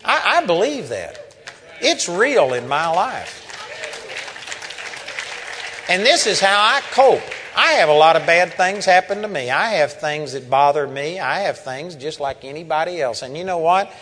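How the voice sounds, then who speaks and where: A man's voice: fairly high pitch, expressive, normal speed, a bit bright, a faint crowd, a little hiss or hum. An older man preaching a sermon, telling a story and building to impassioned outbursts. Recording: hall reverb.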